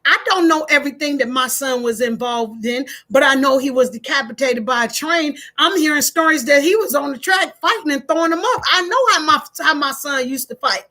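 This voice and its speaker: A woman's voice: high voice, a little fast, hardly any pauses, bright, forceful tone. A middle-aged woman, talking to her viewers like a preacher, emphatic and plain-spoken. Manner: preachy, emphatic, in Black American vernacular. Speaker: online talk host. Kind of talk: live-stream motivational talk.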